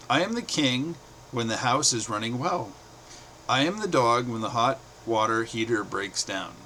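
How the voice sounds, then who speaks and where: A middle-aged man from the United States reading his own short stories aloud, in a plain, steady way with brief pauses. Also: medium pitch, slight background noise.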